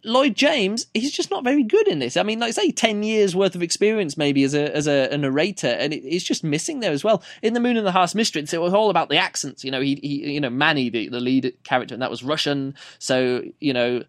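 A man chats through a book review on his podcast with no script. His voice sits a little high and sounds dry and close. He wanders, backtracks mid-sentence and laughs at his own tongue-slips. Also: expressive, brisk, hardly any pauses, no room sound. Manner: off-the-cuff, rambling, restarts and self-corrections. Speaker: podcast host reviewing books.

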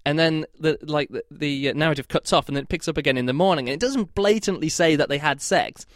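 A man's voice: fairly high pitch, fast, no echo, clean studio sound. A man giving a casual spoken book review in a rambling, hesitant way, with lots of "like" and restarted phrases.

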